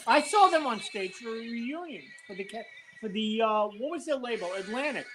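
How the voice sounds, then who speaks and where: A woman's voice: on the high side, expressive, normal speed, background noise. A woman co-host in casual chat, teasing and egging the others on. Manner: teasing, pushy, eggs others on.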